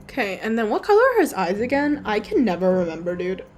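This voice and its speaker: A woman's voice: medium pitch, sing-song, quick pace. A young woman casually talking through her digital drawing, rambling and offhand, with the odd swear word. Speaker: digital artist streamer. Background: faint background music.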